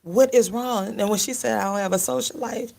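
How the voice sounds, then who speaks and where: A woman's voice: mid-range voice, a little fast, gravelly. A middle-aged woman co-hosting a radio talk show, telling funny family stories with lots of laughter and acted-out quotes. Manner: animated storyteller, laughs often, quotes others in voices. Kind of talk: casual chat.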